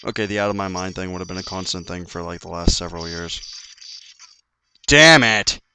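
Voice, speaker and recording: A man's voice: low voice, little pitch movement, fast talker, very noisy. A man doing gameplay commentary, ranting in frustration and swearing often. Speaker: let's play commentator. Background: faint game music.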